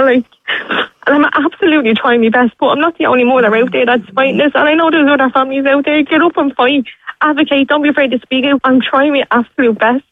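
A woman's voice: sits high, fairly even intonation, quick pace, no room sound. A woman calling in, a mother of three, urgent and pleading, full of "like". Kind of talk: emotional phone-in. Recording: tinny phone line.

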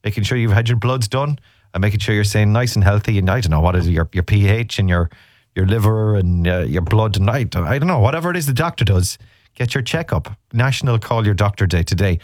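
A man's voice: lowish voice, fast, a little mellow, no echo, studio quality. An Irish man hosting a radio show, chatting casually and teasing listeners as he rambles through the day's topics. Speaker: radio host. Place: radio studio.

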